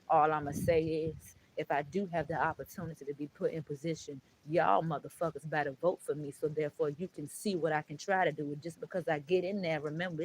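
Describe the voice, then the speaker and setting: A woman's voice: sits low, a little hiss or hum, low-quality recording. Blunt, preachy woman vlogger swearing freely. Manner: blunt, preachy, heavy swearing, calls viewers "baby" and "honey". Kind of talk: emotional monologue to camera.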